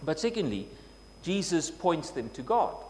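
A man's voice: on the high side, big pitch swings, unhurried, a little mellow. A man preaching a sermon in an earnest way, building to emphatic scripture quotes. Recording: long reverb, faint noise with hum.

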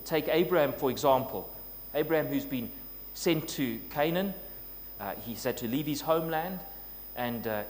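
A man preaching a sermon in an earnest way, building to emphatic scripture quotes. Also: fairly high pitch. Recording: long reverb, faint noise with hum.

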